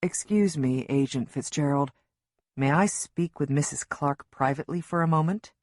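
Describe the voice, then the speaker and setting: A woman voicing a firm, steady policeman. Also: low voice, normal speed, dry recording, studio quality, close to an everyday voice. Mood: firm, reassuring. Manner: firm, reassuring, quietly urgent. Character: tense, steady male police officer, family friend.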